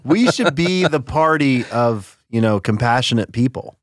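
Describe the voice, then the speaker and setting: A man's voice: mid-range voice, animated, a little slow, no echo, clean studio sound. A man co-hosting a podcast, chatty and laughing, reading out listener comments and the show outro. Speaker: podcast co-host. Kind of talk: casual political chat.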